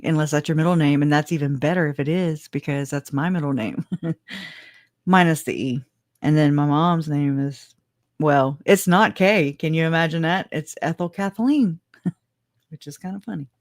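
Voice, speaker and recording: A woman's voice: low-pitched, normal speed, no echo, studio quality. A woman with a country Louisiana accent hosting a live stream, talking in a rambling, chatty way and laughing often. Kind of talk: casual live commentary. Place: home room.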